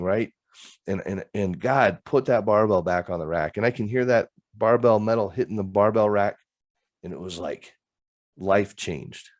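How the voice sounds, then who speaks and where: A middle-aged man giving an earnest personal testimony as a recovery coach, talking from a home office over a video call. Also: low-pitched. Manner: earnest, storytelling with frequent "right?". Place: home office with green screen.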